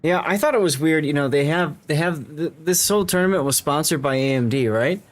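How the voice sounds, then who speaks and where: A man's voice: a little high, a little fast. A man casting a game tournament in casual livestream chat, easygoing and rambling, with a scratchy voice. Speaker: tournament caster.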